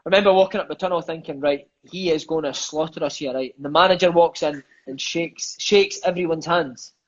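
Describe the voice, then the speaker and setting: A man's voice: on the high side, brisk, highs cut off. A Scottish man in his thirties, a podcast guest and former footballer, chatting casually and swearing, sprinkling his stories with "mate" and "aye". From Scotland. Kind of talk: casual storytelling chat.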